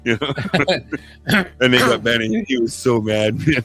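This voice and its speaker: A man's voice: mid-range voice, measured pace, soft background music. A man co-hosting a casual podcast, telling a funny story with frequent laughter. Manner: animated storyteller, laughs often. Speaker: podcast co-host.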